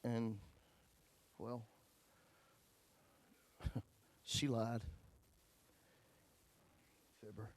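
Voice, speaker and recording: A man preaching a sermon as a pastor, telling a personal story in a folksy, joking way and swinging between loud and hushed. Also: mid-range voice, flat delivery, extremely slow, long pauses.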